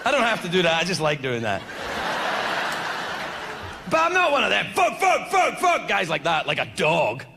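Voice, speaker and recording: A man doing a stand-up comedy set, loud, animated and heavily profane in his delivery. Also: fairly high pitch, normal speed, creaky, pauses often. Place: comedy venue before an audience. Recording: live club with crowd and noise.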